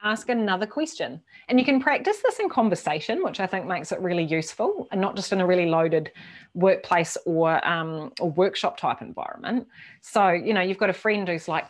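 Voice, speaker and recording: A woman giving a casual, lively workshop talk to a team, swearing now and then and acting out quoted voices. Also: lowish voice, a little fast. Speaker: workshop presenter.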